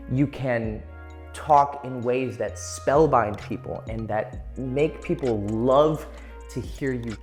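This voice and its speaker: A man giving casual dating advice to camera, swearing freely and playfully shifting his tone to demonstrate. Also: medium pitch. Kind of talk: casual advice monologue for video.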